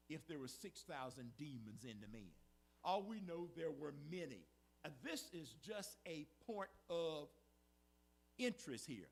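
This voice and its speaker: Preacher guy, high lively voice, keeps asking the church if they get it. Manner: preaching with call-and-response asides, repetitive emphasis. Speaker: pastor. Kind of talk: sermon. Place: church sanctuary.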